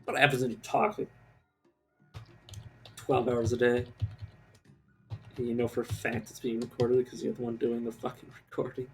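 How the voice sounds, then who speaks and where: A man's voice: medium pitch, little pitch movement, moderate pace, long pauses, soft background music. A man streaming a game live, rambling casually and mocking himself as he plays, swearing now and then. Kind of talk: casual gameplay commentary.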